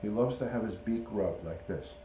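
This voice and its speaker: A man's voice: lowish voice, normal speed, warm tone, slight background noise. A middle-aged man, a retired police detective, hosting a casual livestream from home and chatting with viewers by name. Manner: chatty, talks to viewers and reads out chat names. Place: at home, showing a pet parrot. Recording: echoey room.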